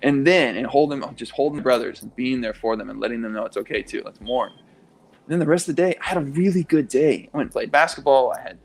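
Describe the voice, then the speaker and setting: A man's voice: mid-range voice, quick pace, vocal fry. Passionate young man, emphatic radio guest. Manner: passionate, emphatic, swears freely. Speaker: guest, pro athlete and coach. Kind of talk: radio interview.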